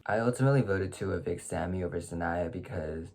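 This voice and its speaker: A man's voice: deep voice, fast, vocal fry, darkish tone, slight background noise. A man contestant explaining his vote in a matter-of-fact confessional. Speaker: game contestant. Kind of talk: confessional monologue.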